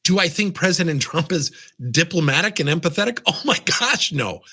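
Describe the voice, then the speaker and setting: Animated man coaching. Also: fairly high pitch, brisk, breathy edge. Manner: animated, asks rhetorical questions. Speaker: business coach. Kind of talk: lively coaching talk to camera.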